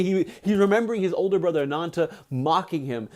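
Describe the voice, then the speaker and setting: A young man with a slightly raised pitch recaps a book chapter for his livestream. He talks casually with lots of "he's like", and his voice leaps up when he acts out the dialogue. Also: quick pace, hardly any pauses. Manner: animated, excitable, acts out quotes with big pitch jumps; many fillers like "he's like". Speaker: streamer reading a book aloud.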